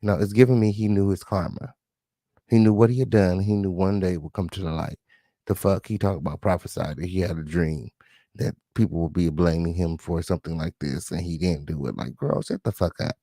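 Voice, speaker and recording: A man's voice: low voice, steady tone, a little fast, dark tone, dry recording, clean studio sound. A man hosting a live stream, reacting with sassy, profane commentary and asking viewers for support.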